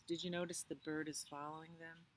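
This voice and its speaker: A librarian woman gently reading a children's bedtime story outdoors at night, slow and hushed. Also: deep voice, level tone, very noisy. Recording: outdoors with loud birdsong.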